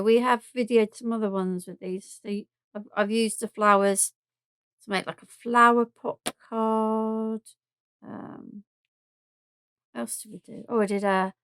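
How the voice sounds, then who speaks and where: A woman with a southern English accent chats her way through a live craft demo, thinking aloud and joking about her own mess. Her voice sits on the high side, with a fairly bright, smooth tone and no echo.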